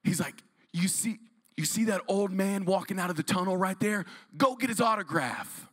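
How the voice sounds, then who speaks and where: Man, guest preacher, from Texas, bright forceful tone, slightly high voice, lively storytelling sermon. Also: moderate pace. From Dallas-Fort Worth, Texas. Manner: energetic, storytelling, audience call-and-response. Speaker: guest pastor. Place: large room used as church.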